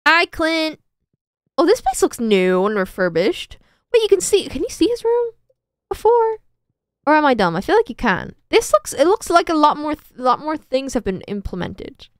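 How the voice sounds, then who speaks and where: A woman's voice: high voice, very animated, normal speed, no echo, clean studio sound. A woman streaming a farming game, chatting casually and self-mockingly with her viewers. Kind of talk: casual gameplay commentary.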